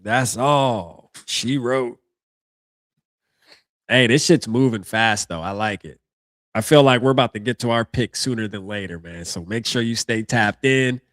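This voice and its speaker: A man's voice: mid-range voice, measured pace, fairly bright tone, dry recording. Man, stream host, casual slangy chatter, thinking aloud, dead dry sound. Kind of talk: casual live reaction stream.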